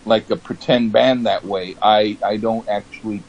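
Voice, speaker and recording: A man co-hosting a podcast in casual chat, self-deprecating and halting, restarting his words often. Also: on the low side, steady tone, highs cut off. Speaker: podcast co-host and songwriter.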